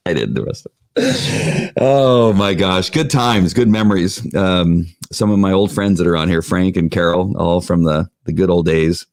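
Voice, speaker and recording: Deep-voiced man, joking and halting. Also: no room sound, studio quality. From United States. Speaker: co-host. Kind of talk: casual chat.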